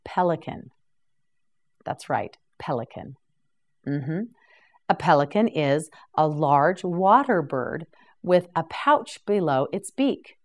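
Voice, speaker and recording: A woman leads a beginner's vocabulary drill, saying each word slowly and repeating it. Her voice sits a little low, but her pitch moves up and down a lot, and her pace stays very slow. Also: lively intonation. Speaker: English vocabulary teacher.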